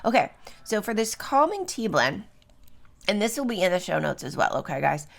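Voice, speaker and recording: Early in the morning at home, a middle-aged woman hosts a solo podcast about herbs, chatty and loose, full of fillers and little tag questions. Her mid-range voice is very animated, with vocal fry and a moderate pace.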